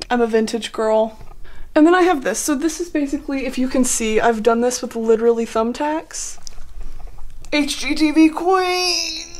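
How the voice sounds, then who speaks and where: A woman's voice: fairly high pitch, a little mellow, a little hiss or hum. A woman in her twenties chatting casually and sarcastically while decorating her bedroom, sweaty and lightheaded, often laughing at herself. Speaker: YouTuber. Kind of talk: casual vlog chat.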